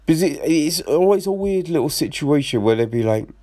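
A man's voice: on the high side, lively intonation, fairly quick, hardly any pauses, mellow. A young man in a casual, rambling rant about films, swearing often, restarting sentences and asking incredulous rhetorical questions. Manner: profane, rambling, frequent restarts.

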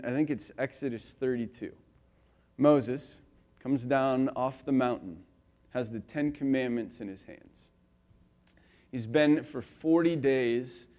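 A male pastor giving a conversational sermon, telling stories with lively swings between loud and quiet and filling his talk with "like" and "you know.". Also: mid-range voice. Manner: animated storyteller, swinging between loud and soft; casual, with frequent "like" and "you know".

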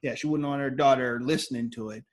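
A man's voice: medium pitch, fairly even intonation, fast talker. A man hosting a podcast in laid-back casual chat, filling his talk with "like" and "you know" and laughing often. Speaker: podcast host.

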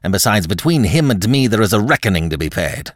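A deep, icy marquis, as a man reads him aloud, clipped and menacing. The voice sits low and swings with feeling. It is recorded dry and close. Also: sing-song, fast talker, no echo. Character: cold, desperate aristocrat marquis.

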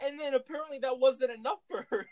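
A man telling a funny story in a casual comedy podcast, animated, swearing and laughing as he goes. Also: very high-pitched, fast talker, crowd noise, low-quality recording.

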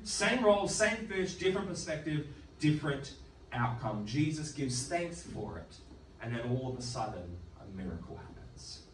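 A man preaching a sermon in an animated, joking way, acting out the voices of the people in his story. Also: medium pitch, moderate pace, a little hiss or hum. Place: church hall. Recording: echoey room, distant mic, music behind.

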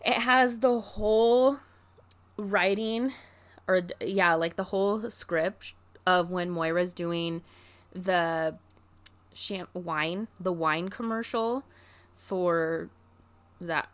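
Woman, vlogger, casual storytelling, chatty, "like" fillers, excitable, gushing. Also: on the low side, slow pace, long pauses. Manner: chatty, filler-heavy with constant "like".

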